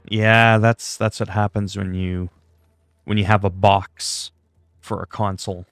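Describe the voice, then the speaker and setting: A young male gaming streamer chats casually while playing, in a fairly low, flat voice that's a little slow and a bit bright. He rambles with lots of fillers and self-deprecating jokes, and the audio is studio quality with no room sound.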